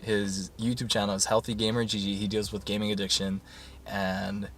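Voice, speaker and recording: A man's voice: lowish voice, steady tone, a little fast, fairly bright tone, recorded from a distance, slight background noise. A young man talking casually to camera in a rambling way, with lots of fillers and restarts. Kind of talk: casual vlog talk.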